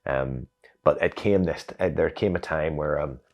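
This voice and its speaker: A Northern Irish man, an interview guest, telling a personal story in a reflective, animated way with many fillers. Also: rumbling low, moderate pace. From Northern Ireland.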